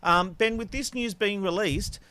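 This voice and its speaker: An Australian man in his thirties hosting a news panel chat, chatty and quick to laugh between items. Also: sits high, bright, forceful tone, smooth. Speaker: host.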